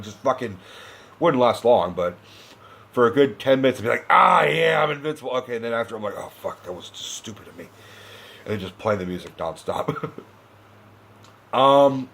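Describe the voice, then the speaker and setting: A young man ranting about a film review, profane and exasperated, dropping into mocking impressions of the characters. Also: fairly low pitch.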